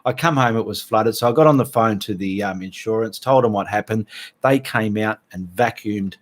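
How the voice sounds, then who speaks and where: Speaking at an ordinary pace in a lowish voice, this middle-aged Australian livestream host chats loosely and calls out to viewers by name.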